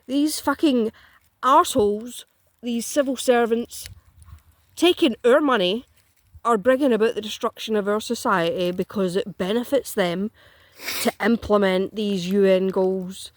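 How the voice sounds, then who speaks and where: A woman's voice: mid-range voice, measured pace, no room sound. A Scottish woman ranting bluntly and profanely in a casual chat, dry and close to the mic. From Scotland. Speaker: political commentator.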